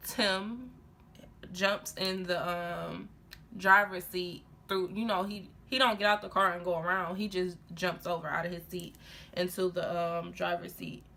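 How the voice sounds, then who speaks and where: Young woman with a creaky storytime voice. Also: medium pitch. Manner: animated, heated retelling full of fillers and laughs. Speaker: vlogger. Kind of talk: casual storytime while getting ready.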